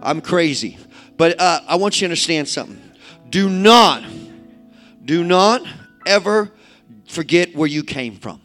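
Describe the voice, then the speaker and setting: A man with a St. preaches to a church congregation, his voice high and ringing bright. He drops into quiet, folksy asides, then climbs into shouted calls to the crowd. Faint instrumental music plays softly behind him. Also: lively intonation, unhurried, pauses often. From inner-city St. Louis, USA. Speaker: evangelist preacher. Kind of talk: fiery sermon.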